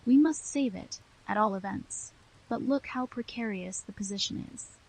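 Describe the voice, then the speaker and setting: A woman's voice: mid-range voice, darkish tone, husky, low-quality recording. A woman reading the part of a smug, cautious male company manager in an audiobook. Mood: officious. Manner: measured, officious.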